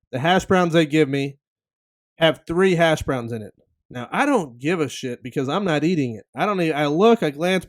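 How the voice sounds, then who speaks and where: A man in his thirties, a podcast host, telling a comedic story in an animated, exasperated way and acting out the other people in it. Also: medium pitch.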